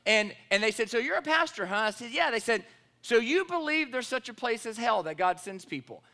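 A man's voice: very high voice, animated, normal speed, pushed and bright. A man, a pastor preaching a sermon and telling a personal story, acting out the dialogue with animation.

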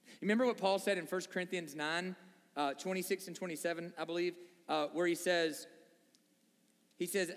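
A man's voice: high voice, fairly even intonation, moderate pace, long pauses. A man preaching a sermon to a congregation, conversational and full of rhetorical questions. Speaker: pastor. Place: church sanctuary before a congregation. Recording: long reverb of a large hall.

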